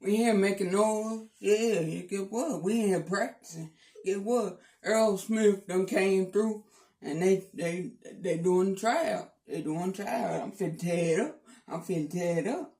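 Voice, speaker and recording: A man's voice: high-pitched, unhurried, creaky, a little mellow, distant mic. A man joking around in a casual vlog, playful and teasing, repeating his lines. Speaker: vlogger. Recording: echoey room.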